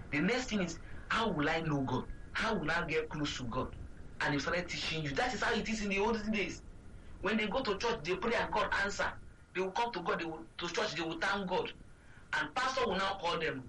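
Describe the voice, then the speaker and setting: A Nigerian-accented man preaches a sermon with a sharp, ringing tone. He drives his points home through repetition and rhetorical questions. He sounds set back from the mic, over a faint hum of background noise. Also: high voice, distant mic, rough recording. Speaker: pastor.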